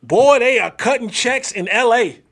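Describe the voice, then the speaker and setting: A male host giving casual, slangy sports commentary, emphatic and animated, with drawn-out exclamations and lines spoken straight to the viewers. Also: very high-pitched.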